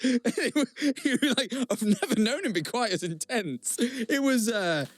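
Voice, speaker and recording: A man's voice: sits high, sing-song, measured pace, few pauses, no echo, clean studio sound. A man co-hosting a podcast, chatting casually and teasing his friend. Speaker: podcast co-host. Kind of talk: casual chat.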